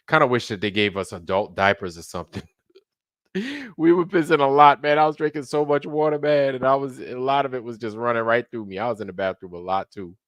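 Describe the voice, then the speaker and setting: A man's voice: sits low, fairly bright tone, dry recording, clean studio sound. A tired man hosting a casual late-night livestream, rambling and joking, with swearing and slang. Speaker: livestream host.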